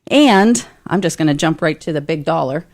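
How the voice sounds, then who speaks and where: A woman's voice: low voice, animated, moderate pace, a little mellow. A woman teacher speaking in a radio studio, confident and projecting her voice. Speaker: teacher accompanying students.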